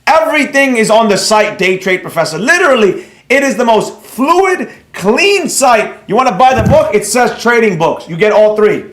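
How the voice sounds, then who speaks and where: This man's voice is very high-pitched, and the sound is roomy. He runs a live trading class in a blunt, excitable way, drifting into tangents while reading out viewer comments and telling people off.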